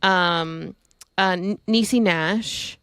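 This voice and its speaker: A woman's voice: fairly low pitch, fairly bright tone, smooth, dry recording. Rambling woman podcast co-host, dry sound. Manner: rambling, many ums and restarts, breaks into quick bursts. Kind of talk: casual chat.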